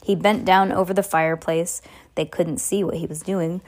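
A woman's voice: on the low side, steady tone, moderate pace. A woman reading a novel aloud in an unpolished way, with slips and asides to a listener. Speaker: reader.

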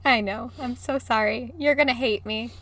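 A woman podcast co-host chatting casually over a video call, giggly and quick to apologize. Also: a little high, fairly bright tone. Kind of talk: casual chat. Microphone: podcast mic over video call.

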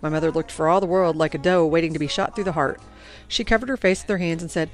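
A woman narrating a first-person story in a reflective, even-paced manner. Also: low voice, fast, soft background music. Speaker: audiobook narrator.

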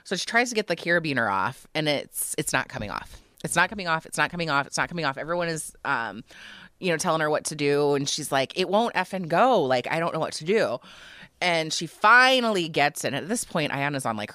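A low-voiced woman tells a story in casual podcast chat, and her pitch swings widely with emotion. She fills her talk with "like" and "you know." The recording is close and dry. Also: fairly quick, no room sound. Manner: animated storytelling, emotional, many fillers. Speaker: podcast co-host.

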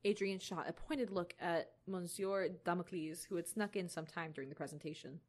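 A young woman narrates a fan story aloud with a somewhat low voice. She is chatty and giggly, now and then tripping over her words. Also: normal speed. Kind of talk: casual read-aloud narration.

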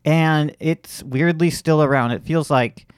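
A man's voice: on the high side, a little slow, clean tone, no echo, clean studio sound. A man from Florida hosting a comedy podcast, chatting wryly with lots of fillers and restarts. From Central Florida. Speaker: podcast host. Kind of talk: casual comedic chat.

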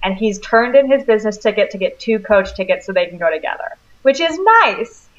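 A woman co-hosting a podcast, chatting casually about a film and quoting its characters in quick asides. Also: mid-range voice, highs cut off. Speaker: podcast co-host.

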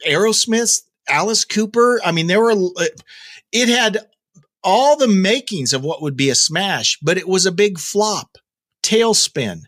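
A man's voice: sits high, lively intonation, unhurried, a bit bright. A man hosting a daily rock news podcast, talking casually with jokey asides and plenty of fillers and restarts. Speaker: podcast host.

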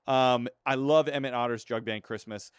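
A man in his thirties co-hosting a holiday podcast, chatting with animated enthusiasm. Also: mid-range voice, normal speed, clean tone, dry recording, clean studio sound. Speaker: podcast co-host. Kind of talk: casual chat.

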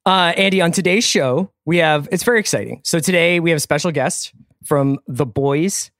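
A man hosting a podcast, chatting in a relaxed, playful way and introducing the show. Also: a little high, normal speed, no echo, studio quality. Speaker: podcast host. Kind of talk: casual chat.

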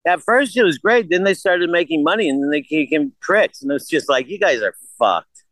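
A man's voice: on the high side, a little fast, a bit bright, dry recording, poor audio. An older man in a casual interview, blunt and profane, rambling through stories. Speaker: guest.

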